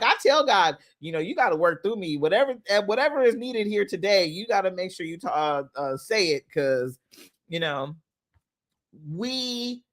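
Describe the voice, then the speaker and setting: Animated, laughing woman preaching encouragement. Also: mid-range voice. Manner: laughs often, preachy, emotional. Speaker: inspirational speaker. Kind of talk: motivational livestream talk. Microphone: phone.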